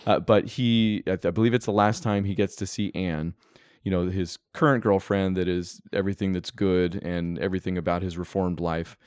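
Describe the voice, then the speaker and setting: A man with a fairly low, smooth and resonant voice talks through a classic film with a podcast co-host. He is enthusiastic and a bit rambling, circling back with restarts as he goes. The sound is dry and close to the mic. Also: fairly even intonation, normal speed, a little mellow, no echo. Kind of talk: casual film discussion.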